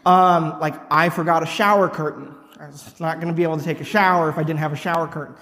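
Casual pastor in a reverberant hall. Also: male voice, fairly high pitch, steady tone, fast talker, fairly bright tone. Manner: casual, rambling, full of "like" and "right?". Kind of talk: conversational sermon. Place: church hall with a congregation. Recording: long reverb of a church hall.

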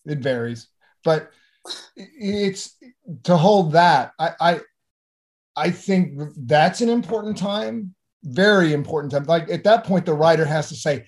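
A middle-aged man, an actor, talking in an animated interview, often restarting and repeating words. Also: a little high, unhurried. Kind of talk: conversational interview.

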